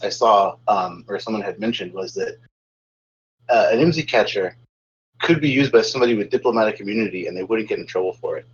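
A man with a husky, somewhat low voice talks hesitantly in casual podcast chat, filling his sentences with fillers. His sound is dull and lo-fi, as if on a weaker mic.

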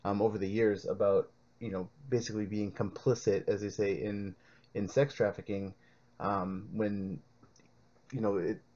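Low-voiced man hosting a podcast. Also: little pitch movement, moderate pace, dark tone. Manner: rambling, filler-heavy topic introduction. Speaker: podcast host. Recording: dull lo-fi podcast audio.

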